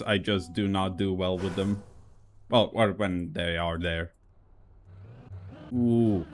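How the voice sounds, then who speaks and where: A man casually commenting on racing game records on a live stream, rambling with many fillers and an occasional cough. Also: on the low side. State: coughing now and then.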